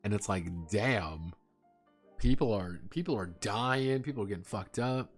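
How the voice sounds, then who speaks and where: A man chatting casually on a live stream, excitable and profane, swearing and laughing often as he rambles. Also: fairly low pitch, a little slow, faint music behind.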